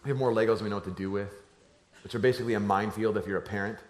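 A man preaching a sermon as a pastor, telling a family story and moving between hushed, low lines and loud, animated ones. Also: very fast, a crowd in the background. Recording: echoey room.

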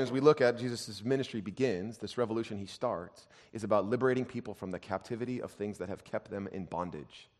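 A pastor with a fairly low voice tells a story in his sermon, moving quickly with few pauses. Some passages he delivers loud and emphatic, others in a hushed undertone, all with a long reverb as though recorded in a large church hall.

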